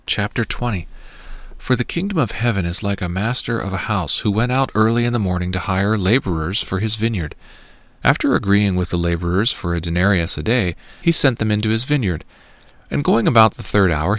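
A man reading scripture aloud in a measured, even way. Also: fairly low pitch, vocal fry, dry recording. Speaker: scripture reader.

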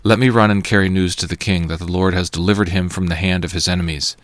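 A man reading the lines of an eager young male messenger in an earnest, measured way. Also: sits low, fairly even intonation, dry recording, lightly acted.

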